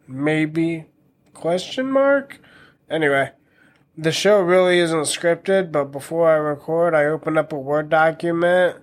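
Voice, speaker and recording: A man of around thirty hosting a casual solo podcast, talking in a wry, self-mocking way with crude jokes. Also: fairly high pitch. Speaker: podcast host.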